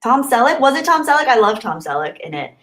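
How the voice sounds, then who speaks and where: A young woman hosting a casual livestream, reading super chats and thanking viewers. She gushes and gets excited, and she thinks aloud as she scrolls the chat. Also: on the high side, fast talker. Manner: bubbly, gushing and excitable. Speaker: livestream host.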